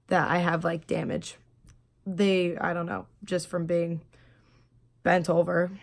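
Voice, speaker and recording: A woman telling her story in a personal video diary, speaking quietly and haltingly, with many pauses and fillers. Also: on the low side. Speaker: vlogger.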